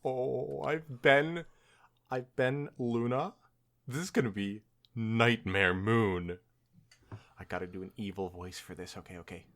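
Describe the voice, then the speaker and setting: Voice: mid-range voice, measured pace, fairly bright tone. A podcast co-host chatting playfully and giggling with the other host during a fan fiction reading. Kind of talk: casual chat.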